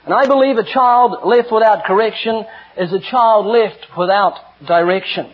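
A middle-aged man delivers an earnest, emphatic sermon woven with personal stories. His voice sits high for a man and has a husky edge. The recording is dull and lo-fi. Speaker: preacher.

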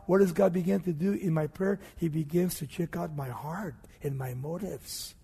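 A male preacher giving a sermon, swinging from hushed low passages to loud emphatic peaks and asking and answering his own questions. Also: normal speed, gravelly, hardly any pauses, husky. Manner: asks and answers rhetorical questions. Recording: long hall reverb.

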